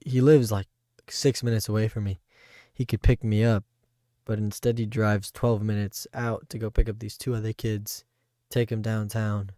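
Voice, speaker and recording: A young man tells a personal story in a frustrated, rambling monologue, restarting and stumbling over his words. His voice is low-set, gravelly and mellow. The sound is close and dry, with no room around it. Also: no echo. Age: young adult.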